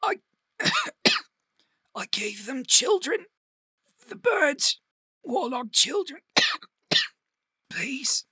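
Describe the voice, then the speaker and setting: A woman voicing a beaten, dying man who talks haltingly and coughs between words in a tabletop game. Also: sits high, big pitch swings, sharp tone, no room sound, voice pushed up, heavily acted. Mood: despairing.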